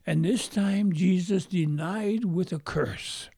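A man preaching a storytelling sermon, acting out the voices in his story and sinking to hushed whispers at its saddest points. His voice is gravelly and mellow, and he takes his time with each phrase. The sound is dry and close. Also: sits high, slow pace, dry recording. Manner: dramatic, acts out quotes, drops to whispers.

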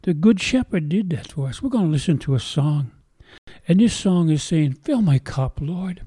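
A man's voice: fairly high pitch, lively intonation, normal speed, mellow, breathy edge, no room sound. An older man preaching a sermon in an earnest, emotional way, retelling a story dramatically.

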